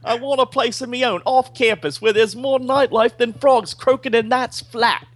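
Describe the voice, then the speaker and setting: A man voicing a brash rowdy Australian crook in a poorly done, fake Australian accent, with a loud, drawling, mock-tough delivery. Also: very high-pitched, fairly even intonation, moderate pace, no echo, pitched above the performer's own voice. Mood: griping.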